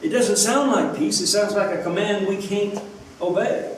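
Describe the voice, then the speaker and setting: A man's voice: sits high, normal speed. A man preaching a sermon as pastor, earnest, asking his listeners rhetorical questions. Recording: echoey room, from a distance, faint background noise.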